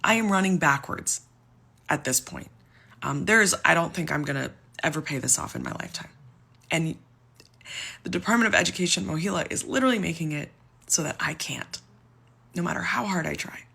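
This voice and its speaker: A woman's voice: low voice, lively intonation, brisk, creaky, pauses often, bright, forceful tone, slightly rough. A young woman in her twenties, talking candidly to camera and venting, exasperated and emphatic, close to tears. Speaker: civil servant venting about debt.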